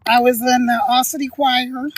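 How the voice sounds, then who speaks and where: A woman's voice: sits high, little pitch movement, moderate pace, slight background noise. A middle-aged woman from Philadelphia chatting casually to viewers on a livestream, laughing often and encouraging them. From Philadelphia, USA. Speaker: live streamer.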